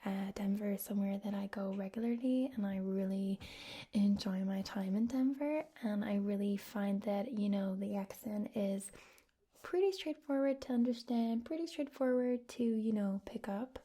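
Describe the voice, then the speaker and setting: A woman's voice: mid-range voice, moderate pace, warm tone. A woman from Scotland giving a whispered ASMR talk, rambling with many fillers. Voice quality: husky whisper. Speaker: ASMR creator.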